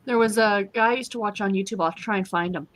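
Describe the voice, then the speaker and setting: A woman co-hosting a casual chat, enthusiastic and quick to laugh. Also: medium pitch, fairly bright tone, dry recording. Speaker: co-host.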